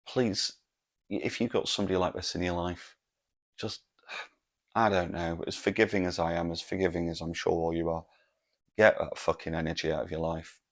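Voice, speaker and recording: A man hosting a solo comedic podcast, telling a story in an exasperated rant full of swearing. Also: low-pitched. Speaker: podcast host.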